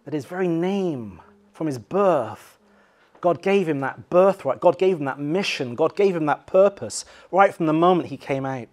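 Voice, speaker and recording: At a normal speed, an animated English-accented pastor delivers his sermon. Loud acted cries give way to quiet, low-pitched emphasis.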